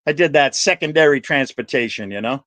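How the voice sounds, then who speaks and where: A man's voice: mid-range voice, lively intonation, fairly quick, fairly bright tone, no echo. A man hosting a livestream, chatting with viewers by name in a rambling, profane, jokey way. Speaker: livestream host.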